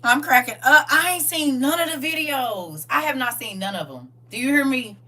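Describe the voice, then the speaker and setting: A woman hosting a casual livestream, reading viewer comments aloud and reacting with animated, laughing slang. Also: sits high, normal speed, distant mic. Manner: animated, laughing, talks back to chat with slang. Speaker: livestream host.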